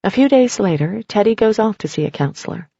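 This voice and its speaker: A woman narrating a nonfiction audiobook, telling a story in the second person in a steady way. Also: mid-range voice, a little fast, gravelly, breathy edge, no room sound, highs cut off.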